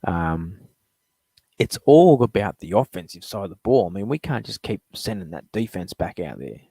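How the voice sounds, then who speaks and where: A man's voice: low voice, big pitch swings, normal speed, dark tone, slightly rough, no room sound. A middle-aged man hosting a live show, ranting bluntly with lots of swearing, rambling between topics. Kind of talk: profane sports fan rant.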